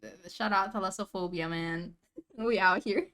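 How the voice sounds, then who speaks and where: A woman's voice: mid-range voice, a little slow, sharp tone. Slangy, laughing young woman streamer. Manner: laughs often, slangy and rambling. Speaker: vtuber reacting to a video. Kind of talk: casual reaction chat.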